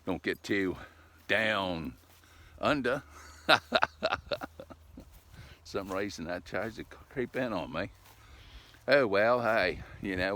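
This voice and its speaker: An older man with a fairly low voice rambles along in a folksy, chatty way, his pitch rising and falling with lively swings. He talks casually to a camera set up outdoors on a cold day. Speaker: vlogger. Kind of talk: casual outdoor vlog chat.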